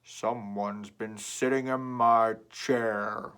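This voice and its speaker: A man voicing a big father bear who talks slowly, loudly and heavily while reading a storybook aloud. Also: on the low side, steady tone, clean tone. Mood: puzzled. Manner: slow, loud and heavy.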